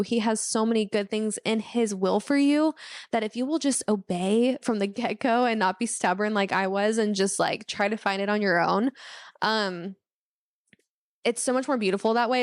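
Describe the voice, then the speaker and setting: Young woman, podcast host, earnest faith testimony, medium-pitched voice, dry close sound. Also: no room sound. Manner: earnest and heartfelt, with many fillers and restarts.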